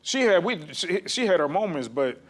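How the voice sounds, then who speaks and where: A man's voice: high voice, big pitch swings, normal speed, fairly bright tone. A man who is a comedian, telling a personal story in a loose, conversational way as a guest. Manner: loose, conversational, lots of "you know what I'm saying".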